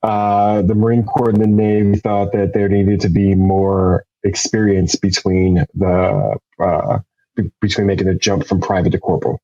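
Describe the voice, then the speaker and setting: Low-voiced man on a dull lo-fi line. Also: steady tone, moderate pace, dark tone. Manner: rambling, self-correcting. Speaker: Marine team panel player. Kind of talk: casual game-show banter.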